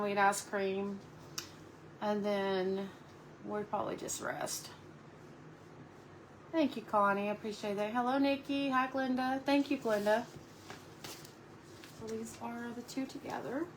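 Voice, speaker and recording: A woman's voice: mid-range voice, steady tone, a little slow, pauses often, a little hiss or hum, poor audio. A woman chatting casually on a live craft stream from home, cooing at her dog between talk about her painting.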